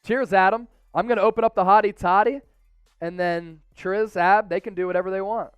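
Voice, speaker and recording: High-voiced Philly man hosting a live stream. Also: fairly quick, clear, resonant tone, no echo, soft background music. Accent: Philadelphia. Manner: excitable, hypes viewer donations with loud outbursts. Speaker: sports show host. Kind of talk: casual live-stream chat.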